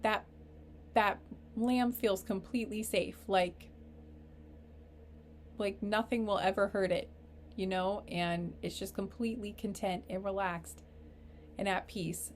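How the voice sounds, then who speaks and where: A woman giving a casual tarot reading, rambling and halting, earnest and openly emotional. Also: mid-range voice, steady tone, a little hiss or hum. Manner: rambling, halting, full of fillers and restarts. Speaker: tarot reader. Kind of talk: casual spiritual reading to camera.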